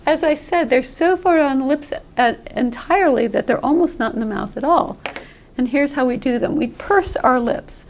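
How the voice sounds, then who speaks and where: High-voiced woman teaching pronunciation. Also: animated, normal speed, vocal fry. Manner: friendly, explanatory, models sounds aloud. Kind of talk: classroom-style explanation.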